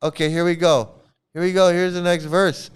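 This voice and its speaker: A man's voice: sits high, level tone, moderate pace, clean tone. A man hosting a commentary video, reading a text aloud and breaking into laughter as he swears. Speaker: channel host.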